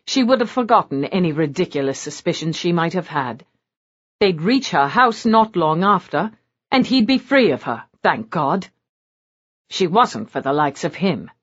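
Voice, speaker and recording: A woman narrates a novel in a lower register, her delivery rising and falling with animated expression. The recording is muffled and lo-fi, with the top end dulled. The reading is steady, scripted storytelling. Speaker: audiobook narrator.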